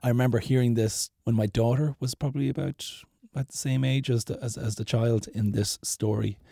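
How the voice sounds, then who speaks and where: Gravelly-voiced man presenting. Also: medium pitch, steady tone, a little fast, warm tone, no room sound, clean studio sound. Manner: loose, with fillers and restarts. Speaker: podcast presenter. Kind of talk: casual show introduction.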